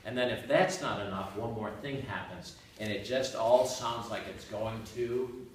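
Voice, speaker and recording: A man's voice: lowish voice, unhurried, slight background noise. A man, a Catholic priest, giving an informal, joking homily to a congregation. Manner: conversational, joking, with rising emphatic asides. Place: church hall with a gathered congregation. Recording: echoey room, far from the mic.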